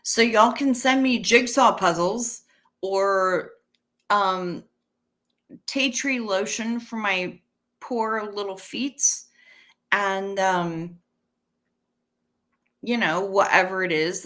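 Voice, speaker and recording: Woman, 50s, livestream host. Unhurried, bright voice; casual, salty, chatty with viewers. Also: mid-range voice. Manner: chatty and profane, thanks viewers. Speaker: livestream host reading chat. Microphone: webcam stream setup.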